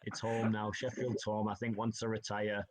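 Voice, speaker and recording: A hockey player from Northeast England, a guest on a casual podcast, tells chatty stories peppered with "aye" and "like." His voice is on the low side with a level tone and normal pace, and crowd noise sits in the background.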